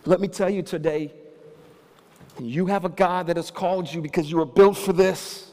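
A man's voice: high voice, fairly even intonation, moderate pace. Man preaching in a big hall. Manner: swings between quiet storytelling and loud preaching. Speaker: pastor. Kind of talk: sermon. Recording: reverberant hall with faint ambience.

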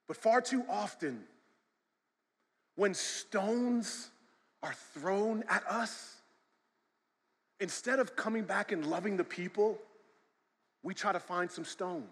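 High-voiced pastor preaching in a hall. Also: male voice, slow, long pauses. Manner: swings from loud shouted emphasis to quiet storytelling. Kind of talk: sermon. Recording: long hall reverb.

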